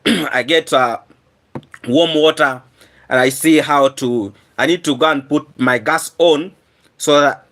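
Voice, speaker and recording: A hoarse man chatting on his live stream, his raised voice sharp and bright despite the rough throat. He keeps clearing his throat and thanks viewers over and over in an earnest, repetitive way. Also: on the high side.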